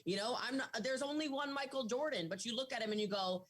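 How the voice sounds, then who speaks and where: A woman answering interview questions in an emphatic, animated way. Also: on the high side, quick pace, low-quality recording. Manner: emphatic, animated, quotes others in voices. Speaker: guest.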